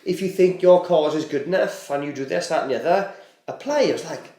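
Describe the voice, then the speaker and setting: A man's voice: fairly high pitch, brisk. A man, a podcast guest telling a long story in casual chat, rambling and restarting with lots of "I said". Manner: rambling, animated, stacks up "I said" and restarts. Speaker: podcast guest, charity co-founder. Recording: roomy echo.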